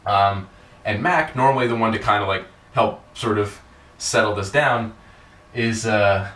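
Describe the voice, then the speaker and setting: Rambling man with a bright, echoey sound. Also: lowish voice, unhurried. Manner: rambling, filler-heavy, profane. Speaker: podcast host. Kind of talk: casual recap chat. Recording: echoey room, distant mic.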